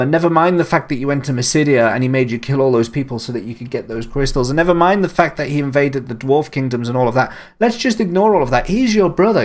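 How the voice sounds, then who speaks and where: A man doing casual, sarcastic commentary while streaming a game, ranting at the story. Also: mid-range voice.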